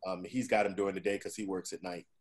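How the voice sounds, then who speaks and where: A podcast host in his forties tells stories in a casual chat, swearing often and tossing in "right?" to keep his listener engaged. His voice sits low, with a flat delivery and a quick pace.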